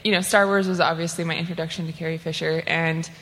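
A woman's voice: low-pitched, little pitch movement, quick pace, fairly bright tone. A woman at a convention panel sharing an earnest personal reflection. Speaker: panelist or audience member. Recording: long hall reverb.

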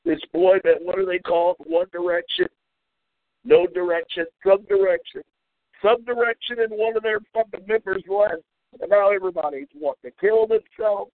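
Guy with a high voice going off on a profane mocking rant, sounds like it's over a phone line. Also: normal speed, no echo. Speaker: radio show host. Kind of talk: ranting call-in radio monologue. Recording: tinny phone-like audio.

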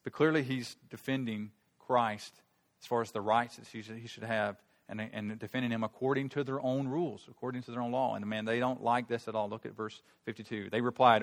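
Emphatic male preacher, rising loud. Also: medium pitch, fairly even intonation, brisk, gravelly, in a large hall. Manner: swings from quiet explaining to loud emphatic outbursts; repeats words and restarts while preaching. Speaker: pastor. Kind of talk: sermon.

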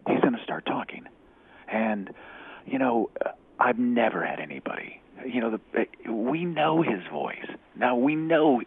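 A man, an executive recruiter, telling a faith story in an animated way, acting out the dialogue and dropping to a whisper at times. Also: mid-range voice, slightly rough. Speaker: executive recruiter, guest speaker. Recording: tinny phone-like radio audio.

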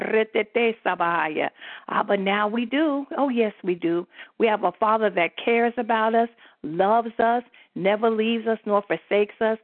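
A woman's voice: medium pitch, dry recording. A woman apostle leading a prayer call, preaching fervently and peppering her talk with hallelujahs. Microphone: phone line. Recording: tinny dry phone line.

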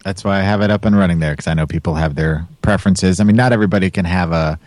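A man's voice: deep voice, very fast, a little mellow, no room sound. A man hosting a podcast, chatting casually and teasing his co-hosts. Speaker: podcast host.

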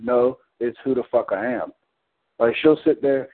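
A man's voice: mid-range voice, huge pitch swings, normal speed, gravelly, slight background noise. A man on a community call, telling a story in a blunt, heated, profane way. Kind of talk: casual storytelling. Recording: phone-like call audio.

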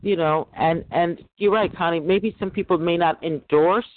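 A man with a notably high voice hosts a call-in chat, rambling from point to point and turning often to talk to his audience. His voice comes through thin and boxy, like a phone connection. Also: moderate pace. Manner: rambling, addresses listeners directly as guys. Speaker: host. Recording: tinny phone-line sound.

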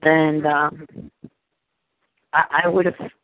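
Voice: mid-range voice, little pitch movement, takes it slowly, no room sound. A caller telling a personal faith testimony in an earnest, rambling way. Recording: tinny phone line, dry.

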